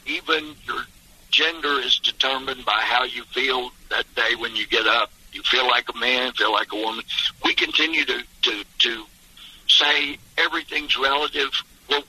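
Forceful husky man, emphatic storyteller. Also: mid-range voice, rough recording. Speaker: congressman guest. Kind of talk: phone-in radio interview.

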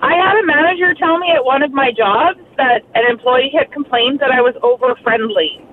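A woman's voice: high-pitched, fairly quick. A woman caller telling a story, friendly and cheerful. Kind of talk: telling an anecdote. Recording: tinny phone line with faint noise.

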